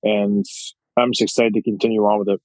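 A man's voice: lowish voice, level tone, a little fast, darkish tone, dry recording, poor audio. Young guy guesting on a podcast, kinda rambly, lots of uh and you know, dry sound. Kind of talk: casual interview chat.

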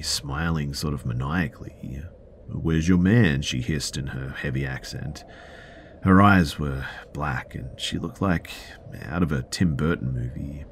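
A man narrating a first-person story in a measured, matter-of-fact way. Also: extremely low pitch, slight background noise.

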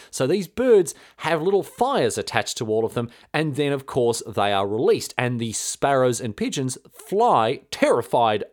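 Male host, mid-pitched, irreverent casual history storytelling. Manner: irreverent, slangy, many fillers.

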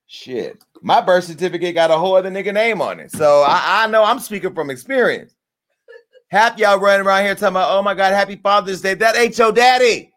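A man hosting a crude comedic commentary rant, brash and animated, jumping between loud outbursts and low asides. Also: fairly quick.

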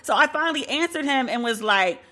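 Blunt, bright-voiced New York woman. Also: high-pitched, expressive, a little fast. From Brooklyn, New York. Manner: blunt, profane, acts out quoted dialogue. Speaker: storyteller. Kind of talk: candid personal storytelling.

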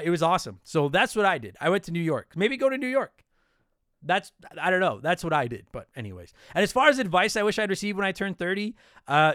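A man's voice: fairly high pitch, fairly bright tone, smooth, no room sound, studio quality. A man in his thirties from Canada hosting a casual solo podcast, answering listener questions in a blunt, profane, joking way.

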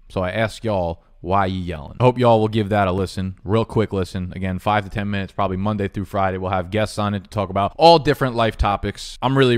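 Young man, fantasy football vlog host, brash, profane, joking, fairly low voice. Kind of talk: casual loud vlog talk.

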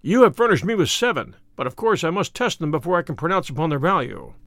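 Guy voicing holmes, brisk thoughtful detective, lively up-and-down voice, dry close sound. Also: fairly high pitch, dry recording. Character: Sherlock Holmes, brisk, musing male detective.

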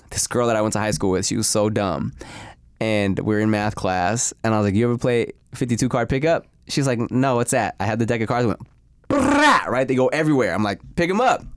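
A man's voice: mid-range voice, smooth, no room sound, studio quality. A young man telling funny stories in a casual chat, swearing freely and acting out the people in them. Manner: animated, swearing, acts out voices in stories.

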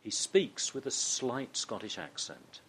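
A man's voice: medium pitch, very animated, slow pace, slight background noise. A man with a Southern English accent, a guest in an interview, telling a story with many restarts. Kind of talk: conversational interview.

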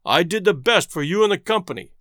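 A calm, impassive station clerk, as a male storyteller puts him on. He speaks evenly and with weight, his pitch rising and falling freely, and the recording is close and dry. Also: a little slow, no echo. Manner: pleads, then speaks evenly and impressively.

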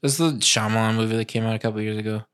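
A man's voice: fairly low pitch, racing, clear, resonant tone. A man co-hosting a podcast, chatting casually and breaking into joking mock accents. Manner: animated, slips into mock accents for jokes. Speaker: podcast co-host. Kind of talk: casual chat.

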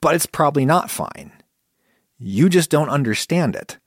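Male podcast host, reflective monologue, lively intonation, dry booth sound. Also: on the high side, moderate pace, slightly rough, no echo. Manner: conversational, reflective, animated when quoting thoughts.

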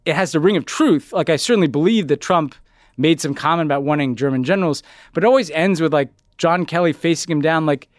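A man's voice: fairly high pitch, fast, dry recording, clean studio sound. Rambling man co-hosting a podcast. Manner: rambling, says "like" a lot, trails off quieter at ends of thoughts. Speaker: podcast co-host. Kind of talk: casual political chat.

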